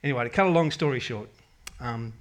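A middle-aged man sharing a personal faith testimony with his congregation. He rambles candidly, doubling back on his words, and his pitch sits in an ordinary middle range for a man. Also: quick pace. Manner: rambling, candid storytelling with many restarts and self-quotes. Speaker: parish member giving a testimony.

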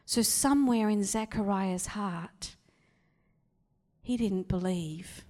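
A woman preaching a sermon, telling the story with lively acted-out voices and dropping into whispers. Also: mid-range voice, takes it slowly, in a large hall.

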